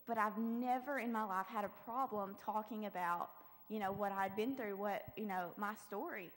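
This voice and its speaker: A woman's voice: medium pitch, normal speed. A teenage girl sharing a personal testimony in church, chatty, quoting herself with "I was like". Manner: chatty, lots of "I was like" quotes. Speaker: youth group member giving testimony. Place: church sanctuary. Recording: long church hall reverb.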